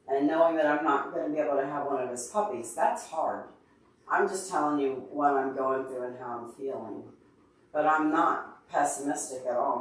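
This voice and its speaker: Upset and teary, a man running a casual livestream answers his viewers by name with real earnestness. His voice is medium-pitched, and the recording carries a little hiss or hum, plenty of echo, and distance from the mic.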